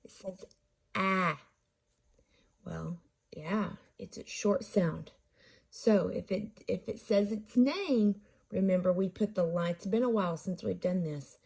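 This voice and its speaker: A woman's voice: medium pitch, creaky, warm tone, slightly rough. A woman teaching a phonics lesson, patiently walking through how to code words and asking questions before answering them herself. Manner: sounds out syllables slowly. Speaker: reading teacher.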